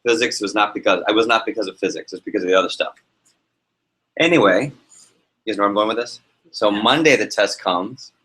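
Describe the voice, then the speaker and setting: A man's voice: fairly low pitch, a little fast, pauses often, poor audio. A man leading a live sales workshop to an audience in a meeting room, telling stories and asking the room questions. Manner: energetic, storytelling, asks the audience questions. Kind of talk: live motivational workshop talk.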